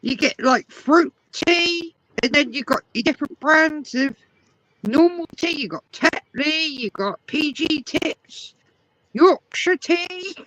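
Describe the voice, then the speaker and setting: Woman, English accent, casual chat, chatty and explanatory, bright tone, dry sound. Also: sits high, lively intonation, slow pace, no room sound, poor audio. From England.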